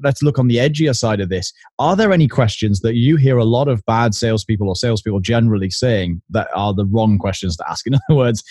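A man's voice: mid-range voice, darkish tone, husky, no echo, clean studio sound. A man hosting a podcast, asking the guest questions and adding short anecdotes. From outside the United States. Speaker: podcast host. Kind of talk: podcast interview.

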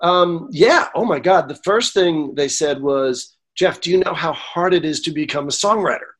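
A man in his forties tells a story from his career, voice sitting a touch high. He acts out the dialogue with lively energy and sometimes gets emotional. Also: moderate pace. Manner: animated, acts out quoted dialogue. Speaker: songwriter guest. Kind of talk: storytelling interview.

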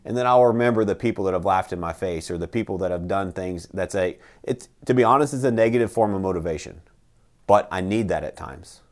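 A man's voice: low voice, brisk. A man hosting a casual motivational talk, emphatic and blunt, who swears and keeps asking "right?".

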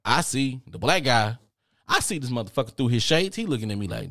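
A man's voice: medium pitch, fairly quick, no echo. This is a male podcast host recounting a comedic story from his own life. His voice leaps up and down as he gets worked up, and he is profane and incredulous throughout. The sound is close and dry, with no room around it. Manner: animated, profane, exasperated.

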